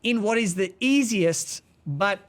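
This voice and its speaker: A man's voice: high-pitched, animated, measured pace, a bit bright. A man co-hosting a podcast, talking with passion and emphasis. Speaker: podcast co-host. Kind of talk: casual podcast discussion.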